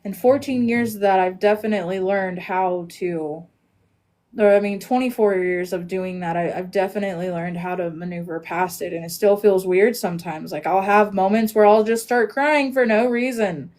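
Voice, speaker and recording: A woman hosting a casual podcast chat, earnest and reflective, often trailing off softly. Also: mid-range voice, steady tone, normal speed. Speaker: podcast host.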